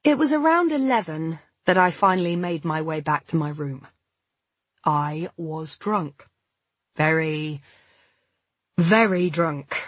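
Woman reading a novel out loud, slow and kinda husky, dry studio sound. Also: sits low, no echo. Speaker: audiobook narrator. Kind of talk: first-person novel narration with voiced dialogue.

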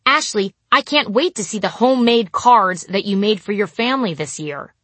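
A woman voicing an excited, chatty old grandmother who calls out loudly. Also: mid-range voice, moderate pace, dry recording, voice pushed up. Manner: loud, eager exclaiming.

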